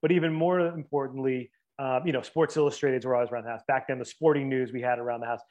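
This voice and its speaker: A man's voice: mid-range voice, fairly even intonation, fast, darkish tone, muffled recording. A man in his forties, a writer from the Boston area and New Jersey, chatting casually as an interview guest, rambling with lots of fillers and restarts.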